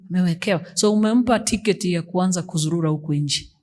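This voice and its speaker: A woman's voice: fairly low pitch, fast, a little mellow. A woman pastor, preaching an emphatic sermon that mixes English and Swahili.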